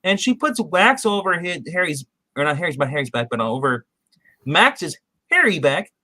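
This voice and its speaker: Rambling high-voiced man recapping a show. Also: sing-song, normal speed, sharp tone, no room sound. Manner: rambling, many restarts and acted-out quotes. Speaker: podcast co-host. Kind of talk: casual TV episode recap chat.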